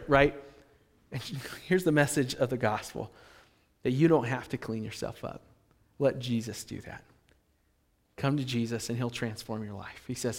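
A man preaching a sermon as pastor, animated, acting out imagined speakers and swinging between loud and soft. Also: mid-range voice, normal speed, long reverb tail.

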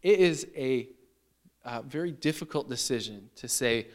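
A man preaching a sermon in an animated, emphatic way, acting out the people he quotes. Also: medium pitch, unhurried. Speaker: pastor.

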